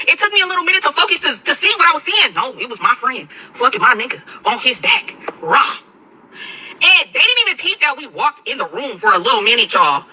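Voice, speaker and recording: Animated fast-talking young woman storyteller. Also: a little high, poor audio. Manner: animated, dramatic, swears a lot, addresses viewers as y'all. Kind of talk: casual storytime to camera.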